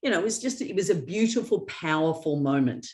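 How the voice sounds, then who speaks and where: A woman's voice: on the low side, animated, a little fast, a little mellow. A middle-aged woman presenting a workshop, telling stories with acted-out quotes and laughing often. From Australia. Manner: storytelling with acted quotes and sarcasm. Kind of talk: motivational workshop talk.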